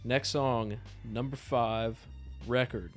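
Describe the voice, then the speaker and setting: A man hosting a casual album review podcast, playful and animated as he moves through songs. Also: mid-range voice, takes it slowly, soft background music. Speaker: podcast host.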